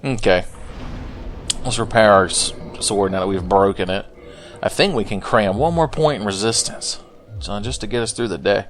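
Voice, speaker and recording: A man's voice: fairly low pitch, normal speed, a little hiss or hum. A man giving let's play commentary in a jokey, profane, rambling way. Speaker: gameplay commentator.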